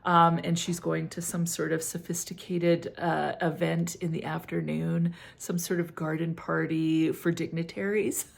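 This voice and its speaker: Gravelly, chatty middle-aged woman reviewer. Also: lowish voice, moderate pace. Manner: chatty, giggly, gushing. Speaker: fragrance reviewer. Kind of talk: casual product review.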